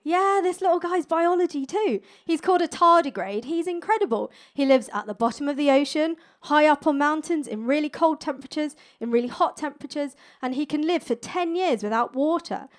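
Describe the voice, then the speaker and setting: High-voiced cheeky woman comic. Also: animated. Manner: playful, cheeky, quick with jokes. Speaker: stand-up science comedian. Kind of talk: stand-up comedy set. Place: stage before a live audience.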